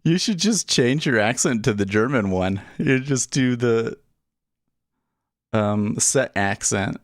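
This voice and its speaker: A man's voice: mid-range voice, animated, slow, dry recording, clean studio sound. A man hosting a day trading livestream, chatting casually and thinking aloud as he works his screens, laughing easily. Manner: laughs easily, loose and joking. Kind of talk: casual live-stream commentary.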